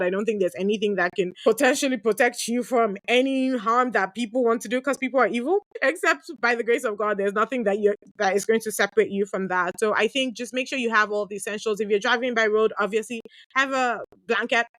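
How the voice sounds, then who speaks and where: A woman's voice: a little high, fairly quick, hardly any pauses, dry recording. A woman in her thirties, a podcast host, telling candid stories in a chatty way, laughing often and filling her talk with asides. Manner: lively, chatty, laughs often, many fillers. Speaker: podcast host answering listener questions. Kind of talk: candid conversational storytelling.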